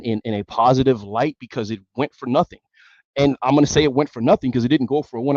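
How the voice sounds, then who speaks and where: A man's voice: medium pitch, darkish tone, dry recording, highs cut off. Angry male sports talk host. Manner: angry, emphatic, repetitive. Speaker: sports radio show host. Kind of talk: heated sports talk rant.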